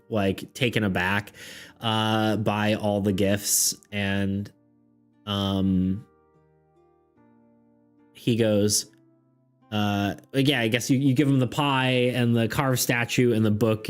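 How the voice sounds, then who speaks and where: A man narrating a streamed tabletop game as game master, rambling, laughing often and using many fillers. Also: lowish voice.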